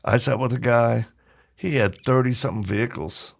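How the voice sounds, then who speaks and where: A man with a strongly gravelly, creaky voice tells stories in a relaxed conversational tone. He is a podcast guest, and he brings his stories to life by acting out the people in them. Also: mid-range voice, normal speed. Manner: animated storyteller, acts out quoted voices. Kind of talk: casual storytelling.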